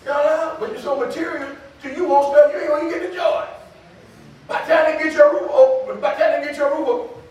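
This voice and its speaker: An older man preaching a sermon as pastor, in a folksy call-and-response way that breaks into shouts. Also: very high voice, fast talker, slight background noise. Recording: echoey hall from far off.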